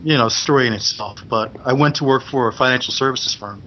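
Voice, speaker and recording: A man's voice: medium pitch, brisk, pushed and bright, highs cut off, slight background noise. A man on a talk panel telling a wry anecdote. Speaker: panel guest.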